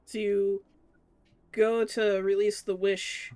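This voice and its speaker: A woman narrates as game master at a slow, deliberate pace. Her voice sounds close and dry, with no room sound. She describes scenes and rules on the players' attempts. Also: medium pitch, little pitch movement, warm tone, no room sound.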